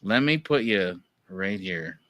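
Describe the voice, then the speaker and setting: A man from Canada chatting on a podcast panel. His voice sits low but has a bright, forceful edge. He cracks dry, offhand jokes. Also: animated, slow pace. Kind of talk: casual livestream banter.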